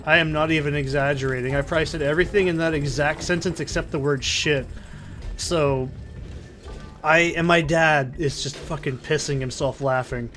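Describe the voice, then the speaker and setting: This let's play commentator, a man, casually narrates a video game while telling a long tale full of curses, tangents, and self-interruptions. He has a slightly high, fairly bright voice with fairly even intonation and a normal speed. Soft music plays in the background, and he uses a desk condenser mic in a soundproofed corner.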